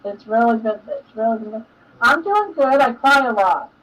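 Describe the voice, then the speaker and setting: A woman's voice: on the high side, lively intonation, normal speed, fairly bright tone. An older woman hosting a live stream, chatting casually and emotionally and laughing often. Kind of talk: casual chat. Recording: dull lo-fi sound, distant from mic.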